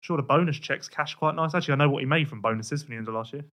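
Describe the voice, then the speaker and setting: A man co-hosting a podcast, his dry, teasing banter delivered at a fast clip. His voice sits somewhat high for a man, and he reads out listener questions casually. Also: a bit bright. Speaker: podcast co-host. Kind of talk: casual chat.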